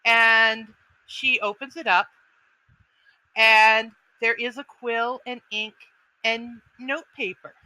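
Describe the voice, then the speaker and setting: A woman narrating a tabletop role-playing game as game master, feeling her way through the scene with many ums and uhs. Her voice is very bright and sharp, and she speaks slowly. The recording is close and dry. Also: fairly high pitch, steady tone, no room sound, poor audio. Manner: hesitant, with frequent ums and uhs.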